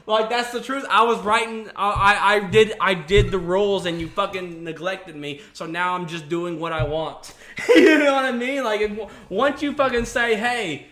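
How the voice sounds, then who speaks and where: Brief: young male co-host, high and very bright voice, swears and restarts a lot. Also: normal speed, hardly any pauses. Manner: profane, rambling storytelling with many restarts. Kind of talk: casual chat. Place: studio under bright lights. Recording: roomy echo.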